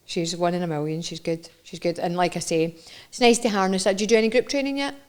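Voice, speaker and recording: A woman's voice: fairly low pitch, steady tone, quick pace, smooth. A young woman with a Scottish accent, co-hosting a podcast in casual, teasing chat and laughing often. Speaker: podcast co-host.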